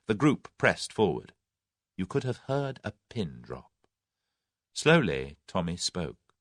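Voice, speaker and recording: Expressive male audiobook narrator. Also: low-pitched, slow pace, long pauses, no room sound, studio quality. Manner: expressive, dramatic reading. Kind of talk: scripted narration.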